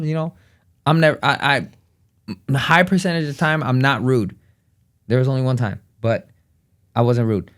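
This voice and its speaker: A man's voice: medium pitch, normal speed, long pauses. A man telling a family story in casual chat, acting out the people in it and laughing often. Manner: animated, acts out quotes in different voices. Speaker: family vlogger.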